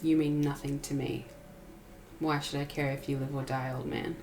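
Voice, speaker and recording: A woman's voice: low-pitched, level tone, normal speed, darkish tone, a little hiss or hum, lightly acted, low-quality recording. A woman voicing a bitter young man who confronts the father who abandoned him, speaking coldly and with contempt. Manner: cold, contemptuous, menacing.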